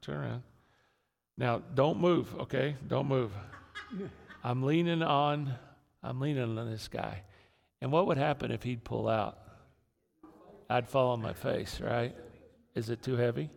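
Gravelly preacher in a reverberant hall. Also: male voice, medium pitch, measured pace, long pauses, darkish tone. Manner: conversational preaching with repeated phrases and restarts. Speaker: pastor. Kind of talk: sermon. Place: church sanctuary.

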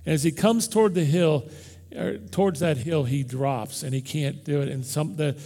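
Male pastor, sermon, gravelly, dark tone, impassioned, conversational, long hall reverb. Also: a little high, moderate pace. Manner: impassioned, conversational, swings from loud to hushed. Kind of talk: Easter sermon. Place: church.

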